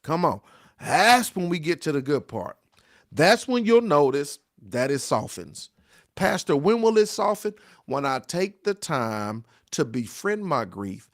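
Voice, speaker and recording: A man's voice: medium pitch, a bit bright, dry recording, studio quality. A middle-aged man, a pastor, giving a devotional talk on grief in a repetitive, exhorting preacher cadence, often asking "right?". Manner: exhorting, call-and-response.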